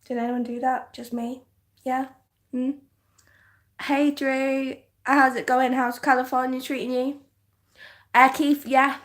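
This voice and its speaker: A young woman from northern England with a softened English accent, chatting casually on a livestream, giggly and full of "like" fillers. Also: high-pitched, little pitch movement, takes it slowly, pauses often. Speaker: livestream host. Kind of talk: casual livestream chat reading comments.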